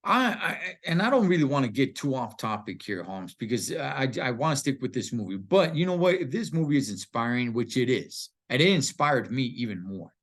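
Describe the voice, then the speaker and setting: A man's voice: medium pitch, sing-song, a little fast, hardly any pauses, a bit bright. Man, casual movie review, slangy, emphatic, preachy pep talk.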